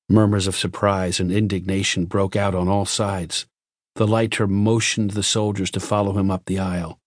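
Low husky guy reading an audiobook, measured and even, dry close sound. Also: dry recording. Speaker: audiobook narrator. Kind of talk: scripted narration.

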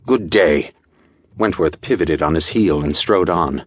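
Deep-voiced male audiobook narrator. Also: no echo, studio quality. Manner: measured, dramatic pulp storytelling. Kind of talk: scripted narration.

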